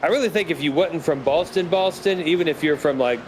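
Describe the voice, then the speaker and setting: Male race play-by-play caller, higher voice, jokey banter, clear noise behind. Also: fairly quick, poor audio. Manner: joking, reads chat aloud, calls passes. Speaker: sim racing play-by-play commentator. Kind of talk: live race commentary with banter. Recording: stream audio with background noise.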